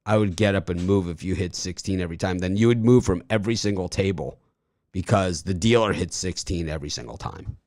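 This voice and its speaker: Man, very deep voice, dry close sound, rambling casual sports betting chat. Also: a little fast, dry recording. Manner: rambling, animated storytelling. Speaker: sports betting show host.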